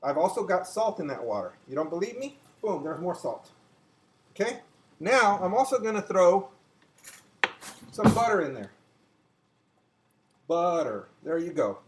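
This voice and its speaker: An older man hosts a casual cooking demonstration from his home kitchen, chatting to viewers as he works. His voice sits fairly high for a man. A faint background noise runs under the talk. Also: sing-song, measured pace, long pauses, poor audio. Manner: chatty, talks to viewers as he cooks. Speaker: home cooking show host.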